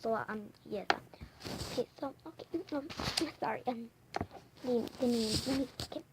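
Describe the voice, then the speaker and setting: A woman's voice: a little high, normal speed, very noisy. A woman vlogging in a casual, playful chat, rambling with lots of fillers.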